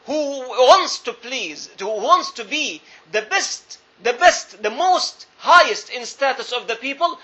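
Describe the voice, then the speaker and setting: A man's voice: very high voice, expressive, slow, hardly any pauses, pushed and bright. A man preaching a sermon, telling a story earnestly and repeating phrases for emphasis. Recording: dull lo-fi recording.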